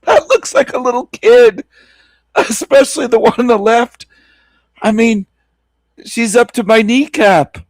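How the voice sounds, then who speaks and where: A man's voice: very high-pitched, unhurried, long pauses, dry recording. A man hosting a stream, giving mocking, incredulous commentary on a clip and laughing often. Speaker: stream host reacting to a video clip. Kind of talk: casual reaction commentary.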